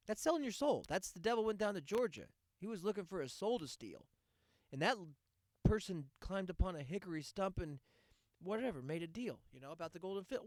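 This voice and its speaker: Sarcastic ranting man with a lively voice. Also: sits high, fast talker, dry recording, clean studio sound. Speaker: podcast host. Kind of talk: ranting podcast monologue.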